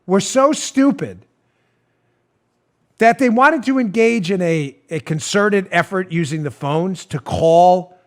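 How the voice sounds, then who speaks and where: A man in his forties hosting a talk show, ranting with animated, mocking humor and frequent laughter. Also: high voice, takes it slowly. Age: 40s. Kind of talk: comedic political talk.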